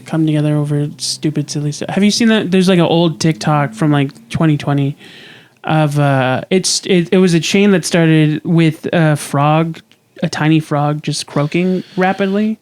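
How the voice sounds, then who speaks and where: Chatty man, slightly high voice. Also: moderate pace, a little mellow. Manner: enthusiastic storyteller, explains memes. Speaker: podcast co-host. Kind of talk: casual chat.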